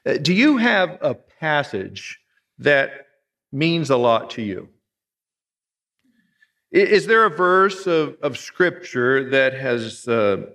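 A man's voice: mid-range voice, a bit bright, long reverb tail. A man in his sixties from Pennsylvania, a retired pastor preaching a sermon with folksy, humorous storytelling. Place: church sanctuary.

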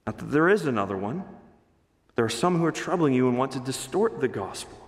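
A man preaching a sermon as pastor, emphatic, rising louder on key phrases. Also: medium pitch, sing-song, a little fast. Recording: long reverb of a large hall.

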